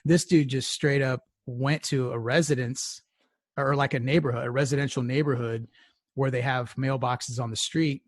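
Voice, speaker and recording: A man's voice: mid-range voice, steady tone, normal speed, dry recording, studio quality. Rambling profane podcast co-host man. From Houston area. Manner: rambling, profane storytelling with laughs. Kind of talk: casual podcast chat.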